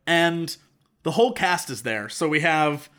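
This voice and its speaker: A man co-hosting a casual podcast, recapping a movie with sarcastic, animated storytelling and mock quotes. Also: fairly high pitch, unhurried. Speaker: podcast co-host.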